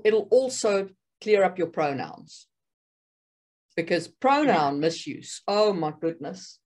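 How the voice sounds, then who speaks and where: A woman co-hosting a podcast, chatting casually and briskly, often chiming in with agreement. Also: on the low side, very animated, darkish tone. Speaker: podcast co-host. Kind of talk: casual chat.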